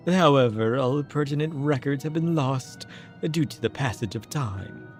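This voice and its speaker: A man reading the lines of a solemn, otherworldly ghostly creature in a stately, measured way. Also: mid-range voice, animated, soft background music, voice pushed up, natural voice.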